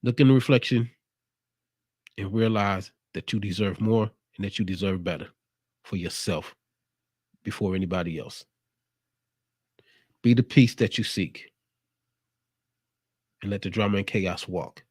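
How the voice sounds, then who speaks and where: A man's voice: fairly low pitch, measured pace, pauses often, darkish tone, dry recording, studio quality. Laid-back man giving a motivational talk. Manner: laid-back, streetwise, preachy. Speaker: show host. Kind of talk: casual motivational monologue.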